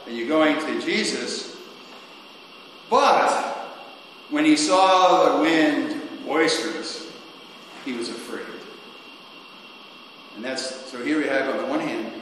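A man delivers a slow, halting sermon, circling back on his words and restarting often. His voice rings through a very echoey hall with a long tail of reverb. A faint hum of ambience sits underneath. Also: mid-range voice, a bit bright. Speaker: preacher. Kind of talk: sermon on scripture.

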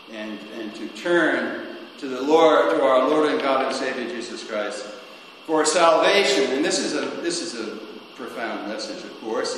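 A man preaching a sermon on scripture, speaking haltingly with frequent restarts and repeated words. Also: mid-range voice, a bit bright, slight background noise. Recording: very echoey hall with long reverb and faint ambience.

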